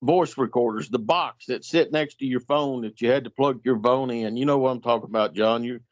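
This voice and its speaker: The speaker is a middle-aged man, a guest storyteller with a mid-range voice and a fairly quick delivery. He recounts a story informally, animatedly voicing its characters. Recording quality is dull and lo-fi.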